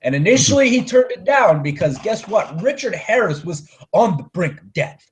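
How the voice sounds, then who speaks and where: A young man co-hosting a casual movie podcast, ranting and swearing as his volume swings from loud to mumbled. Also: sits high, very animated, moderate pace. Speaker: podcast co-host.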